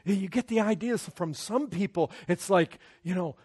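A man's voice: sits high, normal speed, few pauses, husky. A man preaching a sermon, pleading with growing intensity and many restarts. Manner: impassioned, rising to loud pleading, with many restarts.

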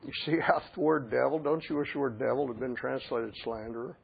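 A man preaching a sermon as a pastor, shifting between quiet storytelling and loud, emphatic passages. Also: medium pitch, a little fast, creaky. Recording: tinny phone-like sound.

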